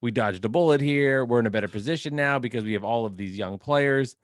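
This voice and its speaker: A man co-hosting a sports podcast, talking in a measured way with stammered restarts. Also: medium pitch, no room sound, clean studio sound. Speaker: podcast co-host.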